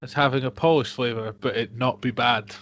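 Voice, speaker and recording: A man's voice: medium pitch, steady tone, a little fast, fairly bright tone. A man co-hosting a casual whisky-tasting podcast, making dry jokey asides and reading out tasting notes. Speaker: podcast co-host. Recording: dull lo-fi home podcast recording.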